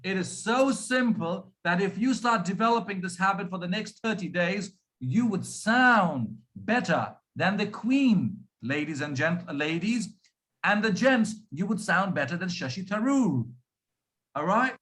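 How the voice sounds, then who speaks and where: A man from India with a polished RP-influenced Indian accent, giving a speech on pronunciation and demonstrating sounds deliberately. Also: sits high, lively intonation, fairly bright tone. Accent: Indian English, RP-influenced. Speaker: pronunciation coach.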